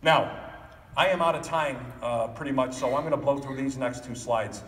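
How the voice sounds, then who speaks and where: A middle-aged man giving a motivational keynote speech, animated, acting out family members in quick voices. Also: mid-range voice, slight background noise. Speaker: keynote speaker. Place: large hall. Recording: echoey hall from far off.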